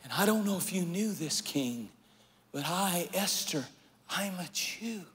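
A man voicing the biblical Queen Esther, a grown woman, in a hushed, confiding manner during a sermon. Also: high-pitched, animated, unhurried, husky, big-room sound, heavily acted. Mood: hushed plea.

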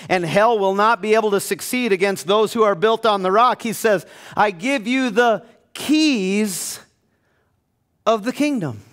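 A man pastor preaching a passionate sermon in a church, building to loud emphatic peaks. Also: high-pitched. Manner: passionate, rising to near-shouting. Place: church sanctuary.

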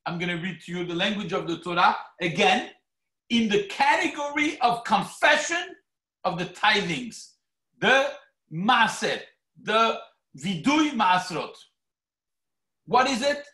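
A rabbi preaching in a synagogue hall, his voice high and swinging widely as he acts out quotes. His tone is bright and carries a roomy echo. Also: measured pace, pauses often. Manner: animated, theatrical preaching with mock quotes. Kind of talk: sermon. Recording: echoey hall.

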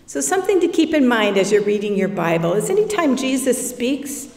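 Woman pastor, gentle conversational sermon, slightly high voice, long church reverb. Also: big pitch swings, a little fast. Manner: reflective, conversational preaching. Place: church sanctuary. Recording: echoey church hall, from far off.

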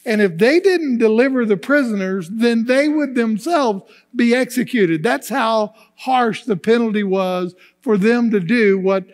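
A man's voice: very high-pitched, unhurried, few pauses. A man preaching a sermon as pastor, reading scripture aloud and often repeating words as he goes. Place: church sanctuary. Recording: long reverb of a church hall.

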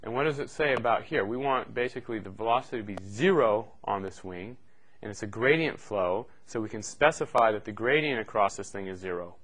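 A man's voice: on the low side, lively intonation, fairly quick, a bit bright. Casual man lecturing a class. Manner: casual, joking asides, frequent "okay" and "right". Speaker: university lecturer.

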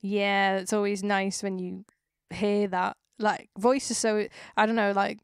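A chatty young woman with a Northwest English accent hosts a relaxed interview, wandering through her questions and dropping the odd swear word. Her voice sits at a middling pitch and sounds close and dry, with little room around it. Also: unhurried, clean tone, dry recording. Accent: Northwest England, Cheshire. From England. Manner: chatty, rambling, swears casually. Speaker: podcast host. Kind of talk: casual interview chat.

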